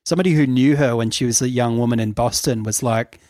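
A man's voice: mid-range voice, fast, darkish tone, no echo, studio quality. Chatty man telling a story. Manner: chatty storytelling, laughs often, many fillers. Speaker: podcast co-host. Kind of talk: casual podcast chat.

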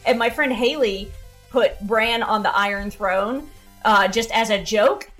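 A woman's voice: on the high side, unhurried, fairly bright tone, soft background music. A woman co-hosting a casual podcast, talking animatedly with lots of fillers, restarts and laughter. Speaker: podcast co-host. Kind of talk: casual chat.

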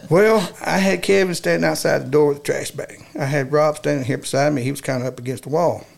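Man, gravelly voice, folksy storyteller who chuckles through his tales. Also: a little high, fairly even intonation, fast. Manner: folksy, laughing while telling a prank story. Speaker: staff member telling a story. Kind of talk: casual storytelling chat.

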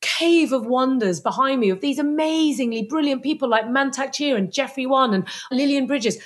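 Animated woman, Chinese medicine guest. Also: high voice, moderate pace. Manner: animated, acts out little scenes with voices. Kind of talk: podcast interview.

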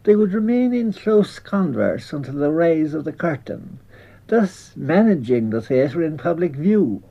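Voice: mid-range voice, gravelly. A speaker reading a reflective, ironic memoir of theatre-going in an old archive recording. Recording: muffled archival broadcast.

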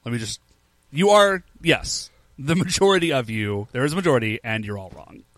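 A man's voice: mid-range voice, lively intonation, a little fast, fairly bright tone, dry recording. A young man co-hosting a podcast in casual chat, laid-back and peppering his talk with "like". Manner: laid-back, says "like" often. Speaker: podcast co-host.

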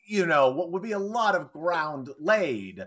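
Lively-voiced woman reacting indignantly. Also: lowish voice, a little slow. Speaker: podcast co-host. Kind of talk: casual podcast chat.

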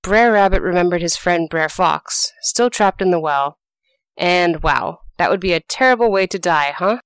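A woman podcast host telling folk tales in an animated, expressive voice. Her tone is smooth and resonant, recorded close and dry with no room sound. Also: on the low side, normal speed, no room sound. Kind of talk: scripted storytelling narration.

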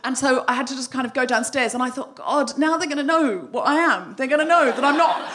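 A woman's voice: high-pitched, fast, a bit bright. A woman hosting a live comedy podcast, telling a self-mocking story and acting out her own outbursts before an audience.

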